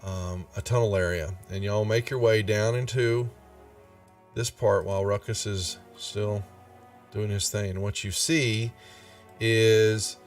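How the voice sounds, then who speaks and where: A man's voice: on the low side, fairly even intonation, slow pace. A man running a tabletop game, folksy and drawling, chuckling often. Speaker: game master. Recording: a bit far from the mic, faint music behind.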